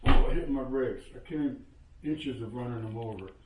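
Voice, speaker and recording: A man in his seventies, a local resident, telling a story in a casual, animated way, acting out what people said and cursing freely. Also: medium pitch, normal speed, very noisy. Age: 70s. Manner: animated, acts out quoted exchanges, curses freely. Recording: roomy echo, voice from a distance.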